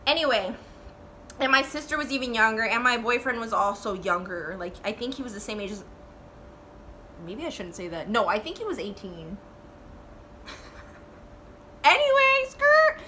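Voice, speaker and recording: A woman in her twenties telling a storytime vlog in a casual, animated way, swearing and saying "like" a lot. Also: mid-range voice, fairly quick, slight background noise. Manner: animated, swearing, full of "like" fillers.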